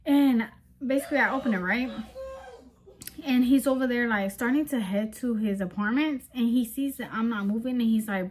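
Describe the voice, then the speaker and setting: Young woman, vlogger, casual storytime, animated, slangy, talks to viewers, slightly high voice. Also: normal speed.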